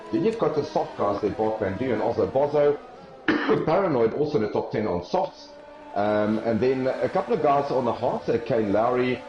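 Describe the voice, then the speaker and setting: South african guy doing race commentary, gets excited fast, lots of ums, echoey dull audio. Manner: excitable play-by-play caller, rising pitch on action, frequent fillers. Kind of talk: live esports race commentary.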